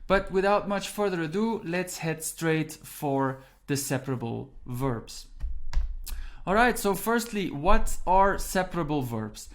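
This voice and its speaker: A man's voice: fairly high pitch, expressive, measured pace. A man who teaches a grammar lesson in English. He explains step by step and repeats the key points. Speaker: Dutch language teacher. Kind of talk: online language lesson.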